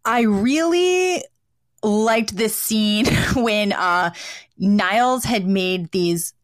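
A woman's voice: medium pitch, extremely slow. A woman co-hosting a podcast, chatting casually and laughing often while recapping a sitcom episode. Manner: giggly, chatty, many fillers. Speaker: podcast co-host.

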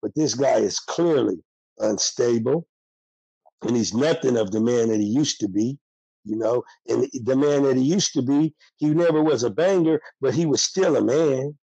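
An older man talks bluntly in a candid interview, streetwise and heated. His voice is gravelly and dark with a husky edge. The sound is close and dry. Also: mid-range voice, normal speed, dry recording, poor audio. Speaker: interviewee, former prisoner.

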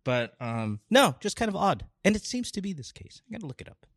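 Filipino male host, lively and laughing, rambling chat, dry close mic. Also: high-pitched, fairly quick, no room sound. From Philippines. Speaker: podcast host. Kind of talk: casual chat.

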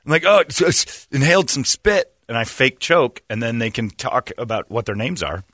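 Animated middle-aged male radio host. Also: mid-range voice, moderate pace, no echo, clean studio sound. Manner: animated, acts out voices in his stories. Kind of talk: casual comedic storytelling.

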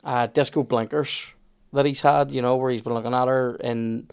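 A man's voice: mid-range voice, steady tone, normal speed, smooth. Jokey man riffing. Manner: jokey, chipping in with pop-culture riffs. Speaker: podcast co-host. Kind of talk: casual comic chat.

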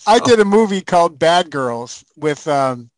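Older man telling animated stories, high voice. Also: measured pace, slight background noise, poor audio. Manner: animated raconteur, acts out scenes. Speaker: guest. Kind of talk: casual storytelling chat.

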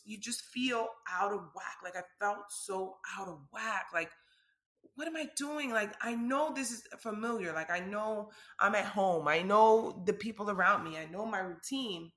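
A woman's voice: mid-range voice, sharp tone, echoey room. A woman vlogger speaking candidly and conversationally about a personal experience, with frequent filler words.

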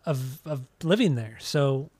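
A man's voice: medium pitch, lively intonation, a little slow, darkish tone, dry recording. Dry-sounding man, casual podcast chat. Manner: rambling, profane, with frequent restarts. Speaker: podcast co-host.

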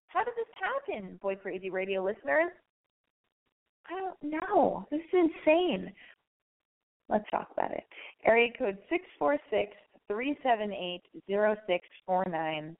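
A woman hosting a casual call-in radio advice show, raspy and hoarse from losing her voice, talking candidly in a rambling way and swearing freely. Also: a little high, narrow, tinny audio.

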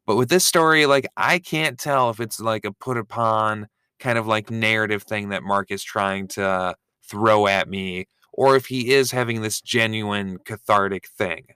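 Bright-voiced man, wry recap chat. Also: fairly low pitch, measured pace, hardly any pauses, clear, resonant tone, dry recording, clean studio sound. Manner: wry, joking. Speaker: podcast co-host.

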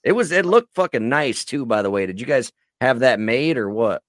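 A man's voice: mid-range voice, lively intonation, moderate pace, no echo, clean studio sound. A man hosting a podcast, asking laid-back, enthusiastic questions full of swearing. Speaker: podcast host. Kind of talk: casual podcast interview.

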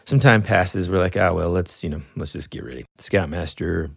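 A man casually telling a funny story, laughing often and acting out shouted lines. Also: low voice, normal speed, vocal fry, slightly rough, no room sound, clean studio sound. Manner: animated, laughs often, acts out yells.

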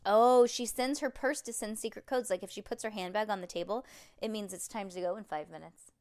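A woman's voice: medium pitch, a little fast, darkish tone. A woman reading a children's book aloud, breaking off for chatty asides to young listeners.

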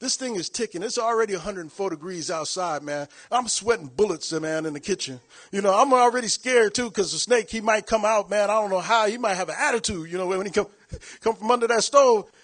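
A man preaching a sermon through a comic personal story, laughing often, shouting and acting out the voices of the people in it. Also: high-pitched, brisk.

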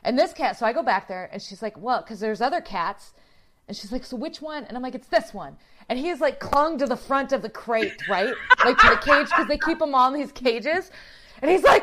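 A woman telling a story in casual chat, animated, laughing often and swearing freely. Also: sits high, moderate pace.

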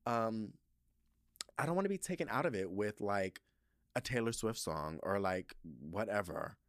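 A man's voice: lowish voice, moderate pace, no echo, studio quality. A young man hosting his own podcast, chatting casually and sassily with lots of playful swearing and asides. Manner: sassy, expressive, frequent swearing and playful asides. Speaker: podcast host. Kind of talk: casual solo podcast chat reading listener reviews.

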